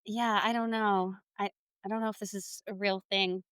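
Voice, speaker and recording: A woman co-hosting a podcast, telling stories in a casual, animated way and laughing often. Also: medium pitch, normal speed, clean tone, dry recording. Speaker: podcast co-host. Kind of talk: casual chat.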